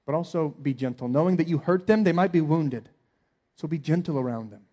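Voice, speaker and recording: Brisk and on the high side, a pastor in his thirties preaches with sincerity, easing into soft passages before climbing to emphatic pleas.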